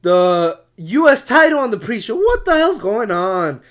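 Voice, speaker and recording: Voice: medium pitch, very animated, unhurried. Exasperated casual ranting reviewer. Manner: exasperated, laughs often, swears casually. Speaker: wrestling show reviewer.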